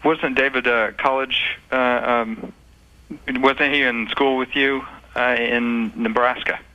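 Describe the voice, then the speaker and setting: A man's voice: mid-range voice, steady tone, slow, bright, forceful tone, dull audio. A man calling in to a talk show, speaking hesitantly with many fillers. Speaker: caller. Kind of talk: call-in conversation.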